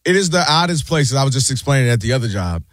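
A man co-hosting a casual sports talk show, animated and quick to act out what people said. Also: mid-range voice, no room sound. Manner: animated, acts out quotes in put-on voices.

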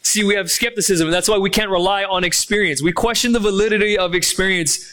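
A man preaching a sermon as pastor, emphatic, asking rhetorical questions and slowing down on key phrases. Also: high-pitched, fairly bright tone.

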